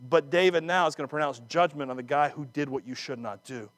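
A man preaching a sermon, acting out scripture dramatically with laughs and quick asides. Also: fairly high pitch, no room sound. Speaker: pastor.

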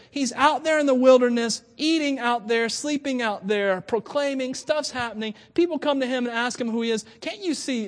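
High, lively male preacher. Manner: lively, conversational, laughs often, acts out quotes. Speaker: pastor. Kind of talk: sermon.

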